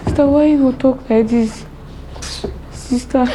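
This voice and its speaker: A young Nigerian sister who pleads with her sibling in a high, slow voice. She is guilty and begging. There is faint noise under the dialogue. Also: steady tone, mellow, poor audio. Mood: pleading.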